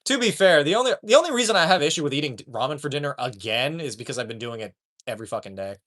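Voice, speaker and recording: A male streamer talks casually to his live chat in a profane, joking way. His voice sits a little high and swings up and down in lively bursts. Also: racing.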